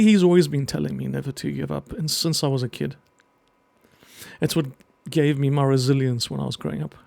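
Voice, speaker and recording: A middle-aged man with a slightly high, gravelly voice records an emotional personal message, speaking earnestly with halting pauses. The sound is dry and close, with no room echo. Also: a little mellow. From half Greek. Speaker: vlogger and children's book writer.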